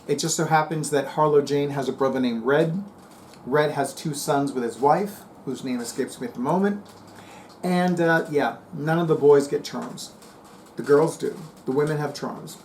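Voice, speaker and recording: A man's voice: fairly high pitch, darkish tone, a little hiss or hum. A man from New Jersey hosting a casual book review vlog, chatty and rambling with many fillers. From New Jersey, USA. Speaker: BookTube channel host.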